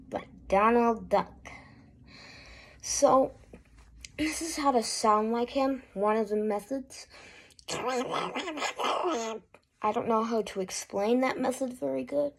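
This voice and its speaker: A woman hosting a casual spoken tutorial, talking haltingly with fillers and restarts. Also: a little high, gravelly. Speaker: YouTube voice tutorial host.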